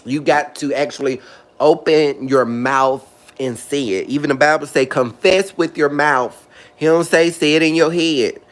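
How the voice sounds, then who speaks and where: Guy talking faith to his viewers, chatty, lots of honey and girl, kinda high voice. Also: measured pace. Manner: animated, chatty, calls listeners honey and girl. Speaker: video host. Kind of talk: casual talk about faith to viewers.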